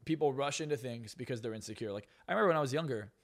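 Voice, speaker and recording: Brash, fast-talking young man. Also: mid-range voice. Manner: profane, brash and emphatic. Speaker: guest, hypnotist and success coach. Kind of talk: blunt podcast interview talk.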